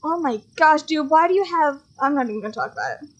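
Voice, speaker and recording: A woman reading a dating game's text aloud as she plays, excitable and quick to laugh, with mock outrage. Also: high voice. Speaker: gaming streamer. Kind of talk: let's play commentary, reading game text aloud.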